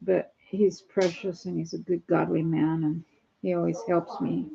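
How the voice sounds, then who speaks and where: A woman's voice: lowish voice, level tone, measured pace, creaky, mellow. A woman in her sixties chatting at home on a phone live stream, rambling from one topic to the next. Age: 60s. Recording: dull lo-fi phone audio.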